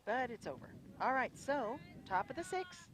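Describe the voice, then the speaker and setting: A radio play-by-play announcer calling a live high school baseball game outdoors, chatty and folksy, often unsure of details and correcting themselves. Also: sing-song, normal speed, fairly bright tone, slight background noise. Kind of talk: live radio sports commentary.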